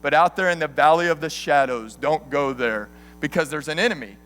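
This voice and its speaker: A man's voice: on the high side, brisk, fairly bright tone, natural voice. A man voicing a wise, protective lion king father, speaking in a solemn, warning tone.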